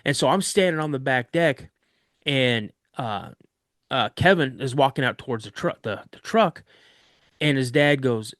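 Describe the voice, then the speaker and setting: A man's voice: medium pitch, animated, unhurried, fairly bright tone, no echo, studio quality. A man, a podcast guest, vividly recounting a frightening personal story. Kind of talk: recounting a scary true story.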